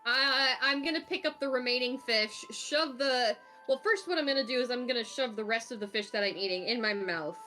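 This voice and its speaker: A woman playing a tabletop game, playful and quick to laugh. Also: on the high side, sharp tone, soft background music, poor audio. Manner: giggly, playful. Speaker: player. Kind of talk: casual tabletop play.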